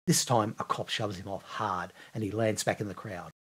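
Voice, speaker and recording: A man hosting a podcast, narrating a scripted history story in a vivid, measured storytelling manner. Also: on the low side, fairly even intonation, fairly bright tone, husky. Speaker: podcast host.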